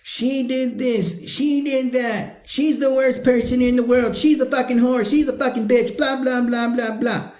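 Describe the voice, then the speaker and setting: A man's voice: very high-pitched, steady tone, unhurried, few pauses, a little mellow, reverberant, pitched above the performer's own voice. A man putting on the voice of a whiny, self-pitying man who blames his wife for everything. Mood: bitter.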